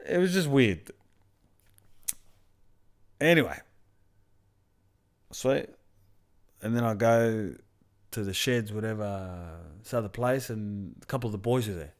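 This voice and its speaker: A man's voice: fairly low pitch, lively intonation, slow, long pauses. A young man on a podcast, animatedly retelling a work story in casual, crude slang. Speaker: podcast co-host. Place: backyard.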